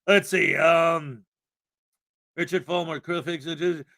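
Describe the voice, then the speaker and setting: A man from the American Midwest hosting a live stream in casual chat, boisterous and given to loud hype shouts and laughter. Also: a little high, steady tone, slow pace, gravelly. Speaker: livestream host. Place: house in Florida.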